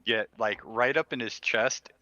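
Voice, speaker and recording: A man playing a tabletop game, calmly describing what his character does. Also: mid-range voice, unhurried, no room sound. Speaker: player. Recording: dull, dry lo-fi mic.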